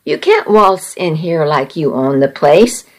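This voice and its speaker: A woman reading the lines of a grown man, a boyfriend who is moody at first and then tender, in a flat, unhurried way. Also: deep voice, pitched below the performer's own voice. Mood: irritated.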